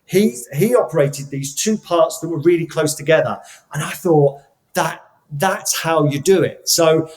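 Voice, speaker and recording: A middle-aged man from England talks through his career as a podcast guest, his voice pitched a little high for a man. He speaks reflectively and tells stories, often stumbling over the first words of a sentence before he finds his point. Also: unhurried, darkish tone, low-quality recording. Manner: thoughtful, frequent restarts and repeated words. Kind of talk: reflective storytelling.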